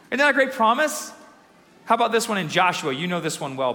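A young man preaching a sermon as pastor, energetic and emphatic, with dramatic slow pauses. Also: sits high. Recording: long hall reverb.

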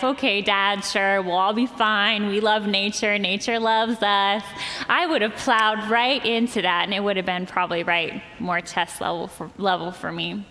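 A woman's voice: medium pitch, sharp tone. A woman pastor delivering a conversational sermon, telling a story and acting out quoted lines. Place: church sanctuary. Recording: long hall reverb of a church.

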